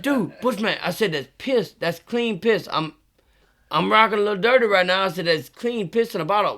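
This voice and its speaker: Guy, podcast co-host, bright and a bit high, rowdy storyteller. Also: animated, normal speed. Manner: rowdy, profane storyteller who laughs through his tale. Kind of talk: casual storytelling.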